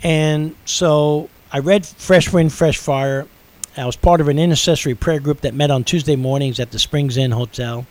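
A man's voice: fairly high pitch, steady tone, moderate pace, a little mellow, rough recording. A middle-aged man hosting a radio show, earnestly telling a personal faith story with building intensity.

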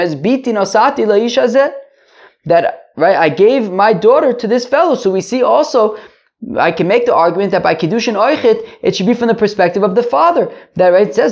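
A man's voice: high-pitched, dull audio. A man giving a daily Talmud lesson, explaining step by step and repeating phrases with rhetorical questions. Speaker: Talmud teacher.

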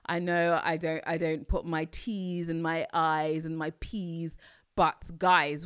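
A woman's voice: sits low, little pitch movement, slow pace, clear, resonant tone, no echo, clean studio sound. A middle-aged woman with an East London Cockney accent, talking casually to camera in an emphatic way and laughing often. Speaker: vlogger.

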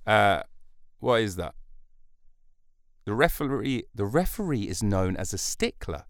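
A man's voice: fairly low pitch, very animated, measured pace, dry recording. A man hosting a solo podcast from a studio, rambling through jokey, self-interrupting asides. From United Kingdom. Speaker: podcast host. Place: recording studio.

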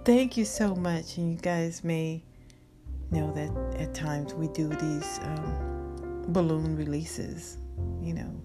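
A woman talks through a heartfelt devotional and then prays aloud, unhurried and gentle. Her voice sits a little low, and she often falls into a hushed whisper, mixing Spanish words into her English. A guitar plays clearly under her the whole time. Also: steady tone. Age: adult. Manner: soft and heartfelt, drifting into whispers, slipping in Spanish phrases. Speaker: devotional vlogger. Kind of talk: devotional talk and spoken prayer. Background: guitar music.

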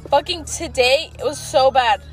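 A young woman with a high voice rambles through a story in a car, full of "like" and casual swearing. Soft music plays faintly behind her. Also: moderate pace, some chatter behind. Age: young adult. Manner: rambling, swears a lot, many fillers. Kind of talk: casual chat.

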